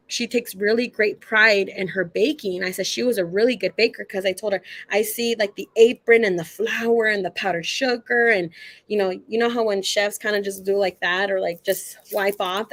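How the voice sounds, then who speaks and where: A woman telling stories as a guest psychic in a loose, chatty way. Her voice sits at an ordinary middle pitch, and the recording is dry and close with no room sound. She leans on lots of fillers and acts out what people said. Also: fairly bright tone, dry recording. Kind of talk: casual storytelling.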